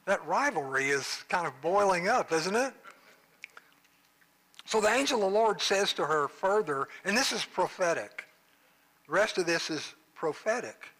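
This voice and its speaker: Male pastor, joking and conversational, high and bright, takes his time. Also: sing-song, measured pace, rough recording. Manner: conversational and joking, with playful asides. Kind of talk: sermon.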